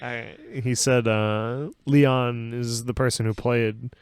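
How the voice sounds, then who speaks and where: A man's voice: mid-range voice, little pitch movement, takes it slowly, clean tone, no echo. A young man with a mid-range voice chats about films on a podcast, recorded close and dry. He's jokey, laughs a lot, and drops into character to quote scenes. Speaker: podcast co-host. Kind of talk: casual film chat.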